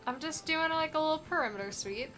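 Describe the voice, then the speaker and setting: A woman's voice: high voice, animated, fast talker, a bit bright, soft background music. A young woman streaming a game, chatting playfully and rambling with lots of "like" as she plays. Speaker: streamer playing a randomized adventure game. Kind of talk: casual gameplay commentary.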